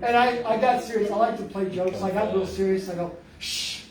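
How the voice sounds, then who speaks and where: A man telling an animated, joking story to an audience, acting out what people said. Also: sits high, brisk. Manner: animated storyteller, jokey, acts out quotes. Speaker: Bigfoot researcher giving a library talk. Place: library meeting room. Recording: roomy hall, mic at a distance, faint noise.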